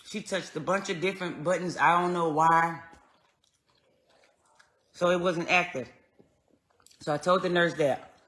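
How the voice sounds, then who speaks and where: Bright-voiced woman telling a story. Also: fairly low pitch, fairly even intonation, a little slow, long pauses. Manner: earnest, conversational, swings between quiet and raised when retelling. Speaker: vlogger. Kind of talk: personal storytelling to camera.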